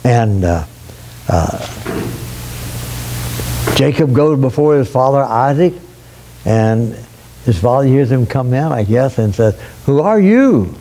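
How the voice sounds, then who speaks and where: Slow, mellow-voiced preacher man. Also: medium pitch, slight background noise. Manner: unhurried, folksy, repeats words and restarts often. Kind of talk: sermon, retelling a story.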